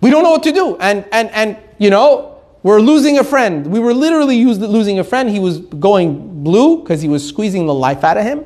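A man giving an animated Torah lesson, joking, laughing often and telling stories with Hebrew terms mixed in. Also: high-pitched, normal speed. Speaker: Torah teacher.

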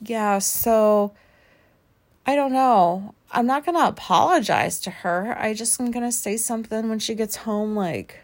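A woman's voice: on the high side, unhurried, a little mellow. A woman hosting a casual solo podcast, talking in a rambling, self-questioning way and swearing freely as she thinks aloud. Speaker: podcast host.

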